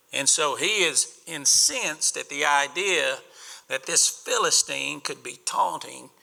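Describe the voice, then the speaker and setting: A man preaching a sermon, retelling a story in a folksy, animated way with paraphrased voices. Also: fairly high pitch, vocal fry. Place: church sanctuary. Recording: church hall reverb.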